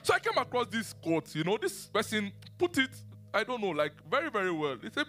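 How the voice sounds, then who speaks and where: A man preaching a sermon and teaching the Bible, animated, asking his listeners questions and laughing often. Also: high-pitched, a little fast, faint music behind.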